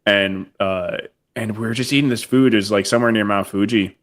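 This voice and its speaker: A man, a military veteran and guest on a podcast, relaxed and telling stories in casual chat with small chuckles. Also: on the low side, a little fast. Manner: relaxed anecdotal storyteller, chuckles between phrases.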